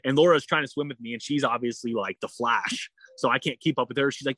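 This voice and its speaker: A man's voice: medium pitch, fast, fairly bright tone, breathy edge, no room sound. A man telling a long personal story in a casual interview, full of fillers and restarts. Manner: rambling, frequent "like" and "you know" fillers. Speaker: endurance athlete guest.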